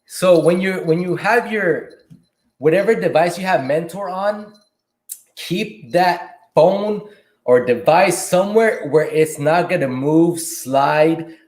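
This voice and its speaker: A man with a fairly high voice hosts a casual livestream Q&A from a room at home. He reads viewer questions out loud and answers them in a relaxed, laid-back way. His voice rings in a bouncy, echoey room. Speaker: livestream host and delivery driver.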